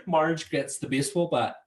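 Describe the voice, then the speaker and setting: A Northern Irish man co-hosts a relaxed film chat. He laughs often and slips into quick put-on voices to quote scenes. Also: on the high side. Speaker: podcast co-host.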